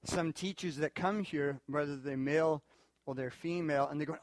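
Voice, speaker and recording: Animated male preacher, dry close sound. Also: moderate pace, dry recording. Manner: animated, acts out quoted people in high voices. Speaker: pastor. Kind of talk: sermon. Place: church in Korea.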